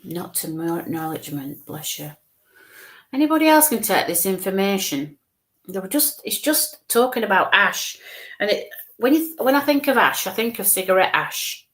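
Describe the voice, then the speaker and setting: A woman psychic medium giving live readings in a voice of middling pitch. She speaks to her viewers in a reassuring way and keeps saying "bless you". When she coaxes the spirits closer, her voice drops to a soft murmur.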